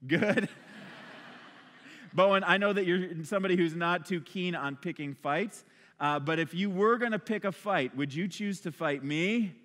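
Bright-voiced male pastor preaching. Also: high voice, measured pace. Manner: energetic, conversational preaching. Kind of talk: sermon. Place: church stage with a congregation. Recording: long hall reverb.

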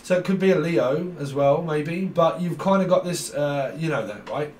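A man with a somewhat high voice talks at a normal pace, sitting far from the mic. He's a tarot reader giving a rambling, jokey reading, free-associating and doing silly voices. The room has a roomy echo with faint background noise.

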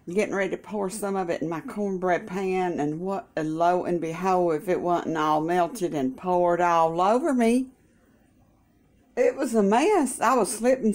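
A woman's voice: lowish voice, a little mellow. A woman chatting in a folksy, chatty way at her kitchen table, with religious asides. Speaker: vlogger caring for her mother. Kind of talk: casual chat. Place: home kitchen, breakfast table.

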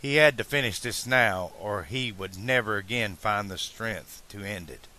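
A man narrating a fan-made audiobook in a slow, deliberate reading style. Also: fairly low pitch, pushed and bright.

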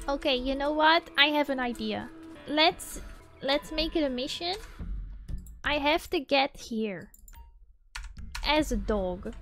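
Very high, squealy young woman streamer. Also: lively intonation, takes it slowly, pauses often, fairly bright tone, soft background music. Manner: squeals and giggles, role-playing as a puppy. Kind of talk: playful gaming stream.

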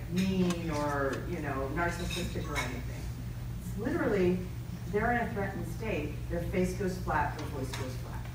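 A middle-aged woman giving a lively conference keynote and asking her audience questions. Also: mid-range voice, background noise. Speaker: keynote speaker. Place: large conference hall. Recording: echoey hall, mic from far off.

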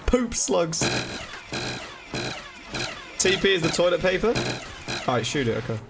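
A young man commentating his game live, excitable, swearing and begging the game for help. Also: on the high side, fast talker. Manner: swears, begs and pleads under pressure. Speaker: gaming streamer. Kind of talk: frantic live gameplay commentary. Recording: loud game music behind. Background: game music.

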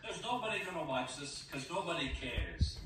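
A man's voice: a little high, big pitch swings, moderate pace. A man speaking off camera, the host's husband, with a dry, teasing manner. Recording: distant, echoey, noisy room.

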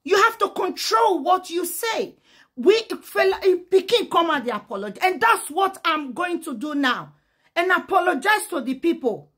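A woman's voice: extremely high pitch, very animated, normal speed, fairly bright tone. A woman with a Nigerian Pidgin accent, giving a fiery, emphatic vlog rant that switches between Pidgin and English. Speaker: social media commentator.

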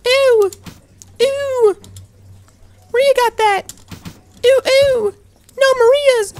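A man's voice: very high voice, very slow, pitched above the performer's own voice, exaggerated voice. A man doing Maria, a squealing little girl. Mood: whining. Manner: squealing, repeats "ooh" and "ew". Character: whiny hyperactive little girl, tantrum-prone.

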